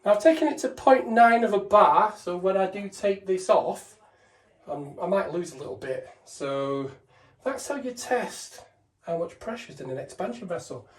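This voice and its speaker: A man's voice: high-pitched, lively intonation, normal speed. A man talks through a boiler strip-down step by step, casual and practical, the way a trainer explains a job while doing it. His voice rings a little in a roomy space. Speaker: gas engineer trainer. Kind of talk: hands-on demonstration narration. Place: indoors beside a boiler.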